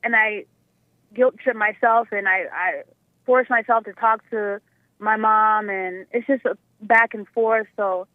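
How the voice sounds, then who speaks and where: A woman's voice: medium pitch, fairly even intonation, a little slow, dry recording. A young adult woman calling a radio show, emotional and close to tears, rambling with many fillers. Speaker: caller. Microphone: telephone. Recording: tinny phone line.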